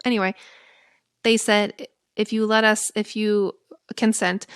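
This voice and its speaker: A young woman co-hosting a podcast, telling a personal story in a candid, conversational way. Her voice sits at a middle pitch and jumps up when she acts out what she said. The sound is dry and close, with no room echo. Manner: lively, candid, quotes herself in animated bursts. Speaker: podcast co-host.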